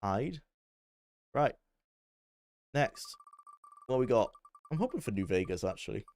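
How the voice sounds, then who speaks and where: A young man with a Welsh accent chatting casually while streaming a game, barking quick orders at his squad. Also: mid-range voice, very animated, darkish tone, slight background noise. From Wales. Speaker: livestreamer. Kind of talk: live gameplay commentary.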